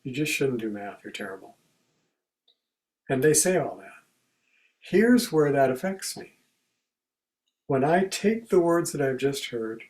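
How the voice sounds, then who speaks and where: A man giving a contemplative spiritual talk in a conversational way, acting out everyday examples as quoted speech and going soft and quiet on key phrases. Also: medium pitch, low-quality recording. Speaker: spiritual teacher and speaker.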